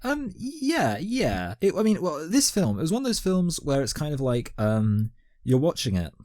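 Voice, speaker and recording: A man's voice: on the high side, big pitch swings, moderate pace, darkish tone, dry recording, clean studio sound. A man co-hosting a casual movie podcast, hesitant and full of "like" and "um", with crude jokes. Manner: crude humor, hesitant, lots of fillers and "like". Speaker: podcast co-host. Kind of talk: casual comedic chat.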